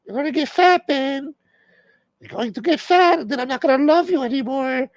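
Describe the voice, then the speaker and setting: Shrill nagging movie-star wife. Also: male voice, moderate pace, no room sound, low-quality recording. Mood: nagging, scolding. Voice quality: shrill high falsetto. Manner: whiny, scolding. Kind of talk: comedic impression in a rant.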